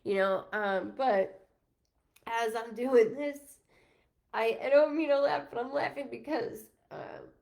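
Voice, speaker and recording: On a live stream, this psychic medium talks slowly in a voice on the high side, creaky and a little mellow. She rambles casually, interrupting herself and starting over again and again, and laughs a lot.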